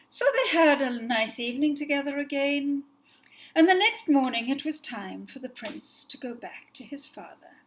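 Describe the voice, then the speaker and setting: A woman telling a fairy tale from memory, in a gentle, expressive way that sometimes drops to a whisper. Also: sits high, moderate pace, a little hiss or hum, low-quality recording. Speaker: storyteller.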